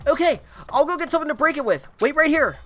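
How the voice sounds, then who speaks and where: A man voicing a bubbly, energetic teenage girl from a visual novel, loud and excited. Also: very high-pitched, quick pace, slight background noise, pitched above the performer's own voice. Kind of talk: game dialogue read aloud.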